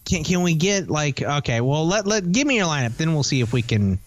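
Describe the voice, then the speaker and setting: This fantasy football podcast co-host has a somewhat high voice and is very animated. His chat is casual and rambling, with plenty of teasing and a rapid run of player names and prices.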